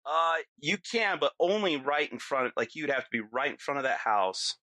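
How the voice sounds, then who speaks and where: A middle-aged man talking as a podcast guest, his voice bright and forward, recorded close and dry with no room around it. He tells his story in loose, animated chat, laughing as he goes and playing out the lines of the people in it. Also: on the high side, normal speed, dry recording. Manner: animated, acts out quotes, laughs often. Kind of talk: casual storytelling.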